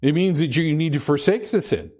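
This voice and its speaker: A man's voice: a little high, expressive, a little fast, a little mellow, breathy edge. A man preaching a sermon, earnest, repeating himself and restarting phrases as he presses his point. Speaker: pastor.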